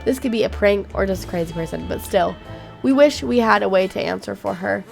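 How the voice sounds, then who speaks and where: A woman's voice: medium pitch, brisk, creaky. A woman YouTuber giving chatty, reactive commentary on a game, reading its text aloud and swearing freely. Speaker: gaming YouTuber. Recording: faint game music behind.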